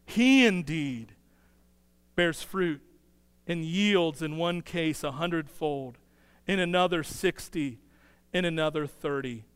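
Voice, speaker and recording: A male pastor preaching a sermon, acting out quick bits of dialogue as he tells a story. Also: fairly high pitch, clear, resonant tone, no echo, big-room sound. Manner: animated storytelling, acts out dialogue in quick bursts.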